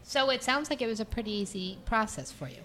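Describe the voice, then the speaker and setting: A woman's voice: fairly high pitch, expressive, fast, fairly bright tone, slight background noise. A woman hosting a podcast interview, offering encouraging, supportive remarks to her guest. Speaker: podcast host. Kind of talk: conversational interview.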